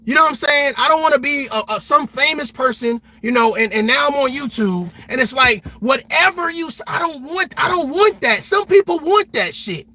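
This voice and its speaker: Forceful high-voiced man speaking out. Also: normal speed, hardly any pauses. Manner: emphatic, repetitive, blunt and profane. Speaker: livestream host; army veteran. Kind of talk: passionate livestream commentary.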